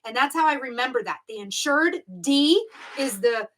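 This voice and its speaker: A woman from the United States teaching a live-streamed exam review. Her voice sits high and bright. She leans hard on key words and repeats them so the difference sticks. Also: expressive, moderate pace, poor audio. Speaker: exam prep instructor.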